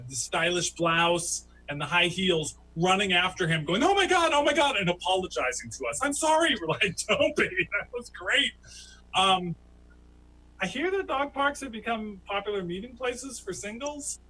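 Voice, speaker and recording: A man doing a stand-up comedy story who laughs at his own tale and jumps into high, squeaky voices for the people he quotes. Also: bright, forceful tone, a little hiss or hum, low-quality recording. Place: home, virtual show.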